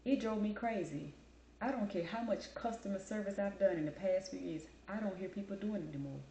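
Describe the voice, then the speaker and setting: A woman telling a casual story in a lively, colloquial way, calling people honey and baby. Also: mid-range voice, fairly quick, reverberant, slight background noise, rough recording. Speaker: vlogger.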